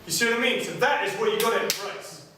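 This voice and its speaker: A personal trainer speaks with a fairly high voice, keeps asking his audience "okay?" and drives his points home with energy. He is picked up from across a very echoey room, with a faint hiss underneath. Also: quick pace. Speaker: personal trainer giving a seminar. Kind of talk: motivational seminar talk. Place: seminar room with clients. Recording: very echoey room, distant mic, faint noise.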